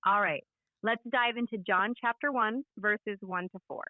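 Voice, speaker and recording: A woman's voice: mid-range voice, normal speed, dry recording. Tinny synthetic woman preaching earnestly. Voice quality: smooth synthetic voice. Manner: clear and earnest, with conviction. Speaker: AI voice assistant. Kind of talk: simulated sermon. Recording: tinny phone speaker playback.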